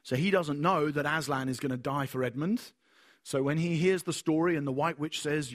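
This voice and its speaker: High-voiced man preaching a lively sermon. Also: fairly quick. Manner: animated storytelling, acting out voices.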